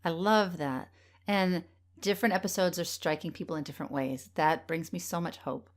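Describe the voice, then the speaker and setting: A middle-aged woman hosts her solo podcast in a slightly low voice. She talks earnestly and gently, encouraging her listeners, and at times sounds moved. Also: moderate pace. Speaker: podcast host. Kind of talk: heartfelt solo podcast talk.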